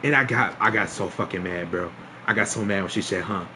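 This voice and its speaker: A man's voice: deep voice, brisk, pushed and bright, a little hiss or hum. A young man streaming a casual storytime, laughing often and restarting his sentences in slangy talk.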